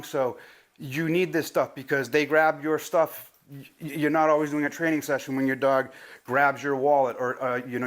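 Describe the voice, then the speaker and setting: A man teaching a puppy commands on video, talking straight to viewers in a casual, chatty way. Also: a bit bright. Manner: talks to the viewer and praises the puppy in a high, drawn-out voice. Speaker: dog trainer. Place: training a puppy, moving around.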